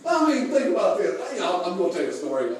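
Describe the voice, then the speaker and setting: A high-pitched male pastor delivers a folksy sermon, chuckling through his own stories and asking the congregation questions. He is picked up from a distance in a very echoey church room. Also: huge pitch swings, quick pace. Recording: echoey room, mic far off.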